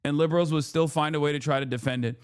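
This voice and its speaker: A man's voice: on the high side, steady tone, fast, clear, resonant tone. A man streaming live commentary on the news, sarcastic and profane, with frequent fillers and rhetorical questions. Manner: mocking and rhetorical.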